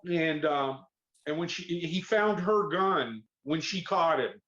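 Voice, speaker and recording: A man's voice: a little high, slow. A middle-aged man from Miami with a Southern accent, telling stories as an interview guest and acting out the voices he quotes. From Miami, Florida. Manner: animated storyteller who acts out quoted voices. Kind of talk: storytelling interview. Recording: slightly muffled podcast audio.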